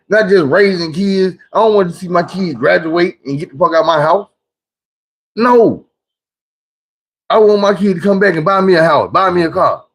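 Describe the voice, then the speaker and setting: A man hosting a livestream, telling stories in a casual, preachy way, full of cursing, swinging between loud bursts and low mutters. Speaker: livestream host. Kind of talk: casual livestream monologue and storytelling.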